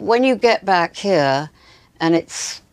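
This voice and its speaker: A woman's voice: fairly low pitch, animated, takes it slowly, no room sound. A British woman presenting a documentary, putting direct, pointed questions to her guest. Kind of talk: probing documentary interview.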